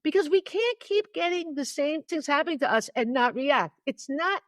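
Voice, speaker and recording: Woman co-host, a bit higher-pitched, animated storyteller who plays out both sides of each call, dry close recording. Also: normal speed, no room sound. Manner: animated storyteller, acts out both sides of the phone calls, laughs often. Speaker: podcast co-host. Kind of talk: casual chat.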